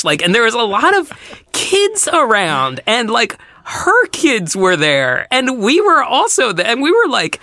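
Bright-voiced woman telling an animated story. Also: measured pace, dry recording, studio quality. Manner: animated storyteller, acts out other people's voices with big pitch jumps. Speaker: podcast co-host. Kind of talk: casual storytelling.

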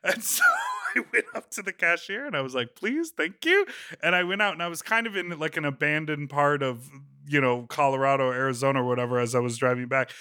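A man's voice: medium pitch, fairly even intonation, quick pace, hardly any pauses, pushed and bright, clean tone. A man hosting a podcast, playful, giggly and crude as he chats. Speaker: podcast host. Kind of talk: casual podcast chat.

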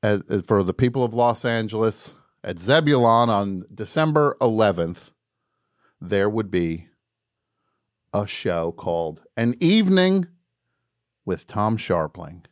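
A man hosting a live call-in radio show, wry and mock-boastful, dropping to quiet mumbles and rising to shouts. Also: on the low side, very animated, takes it slowly, dry recording, studio quality.

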